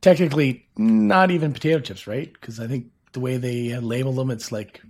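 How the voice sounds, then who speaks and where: Offhand podcast co-host, slightly husky man. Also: mid-range voice, darkish tone. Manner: offhand, quick interjections. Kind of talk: casual podcast chat.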